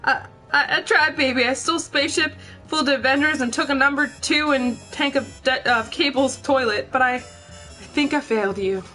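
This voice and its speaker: A woman voicing a desperate male mercenary who stammers and whines at a raised pitch. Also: normal speed, pushed and bright, soft background music, low-quality recording.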